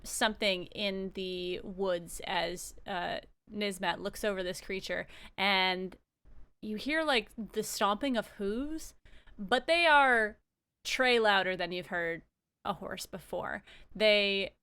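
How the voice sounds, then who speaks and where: A woman's voice: mid-range voice, bright, forceful tone, clean tone. A woman narrating as game master in a tabletop role-playing game, in a casual, searching way full of fillers.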